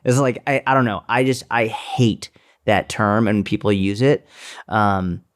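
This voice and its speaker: A man's voice: on the low side, measured pace. A man co-hosting a podcast in casual chat, blunt and profane, mocking people with put-on quotes. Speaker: podcast co-host. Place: seminar speaker, fitness business coach.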